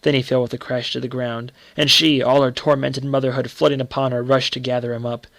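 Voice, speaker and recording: A man narrates a short story in a measured, dramatic manner. His voice is gravelly and dry, with no room sound around it. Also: mid-range voice, little pitch movement, fairly bright tone, no room sound.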